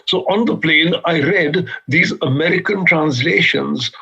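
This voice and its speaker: Gravelly, bright-voiced man telling stories. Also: on the high side, unhurried. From India (Bombay). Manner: lively, humorous, vivid storyteller. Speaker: author guest. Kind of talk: anecdotal storytelling in conversation. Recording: dull lo-fi sound.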